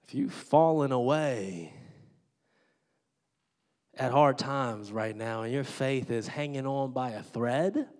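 A man's voice: mid-range voice, darkish tone. A man preaching a sermon as a pastor, in a candid, joking, conversational way, in a large church auditorium. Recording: long hall reverb.

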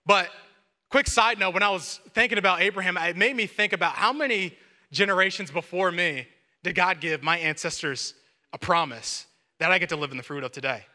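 A young man, a youth pastor, preaching a sermon with casual slang and jokey, animated storytelling. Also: high-pitched. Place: church hall. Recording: long reverb of a church hall.

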